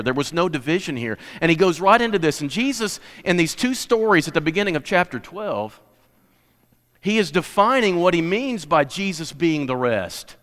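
A man's voice: fairly high pitch, fairly bright tone. A man preaching a sermon, telling stories and building to emphatic points. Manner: storytelling preacher, rising to emphatic declarations. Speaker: pastor. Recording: long reverb of a large hall.

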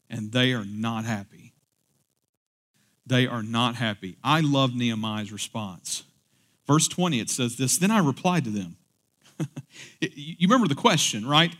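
A male pastor preaching in a church. His voice sits at an ordinary middle pitch. He talks in a casual, chatty way and then climbs to loud, emphatic peaks. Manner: conversational, building to emphatic peaks. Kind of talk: sermon.

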